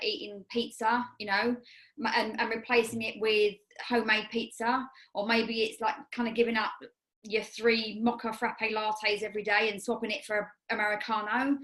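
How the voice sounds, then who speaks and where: A woman's voice: fairly high pitch, fairly bright tone, rough recording. Chatty English woman coaching. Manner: rambling, self-correcting, chatty. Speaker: podcast co-host and coach. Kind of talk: casual chat.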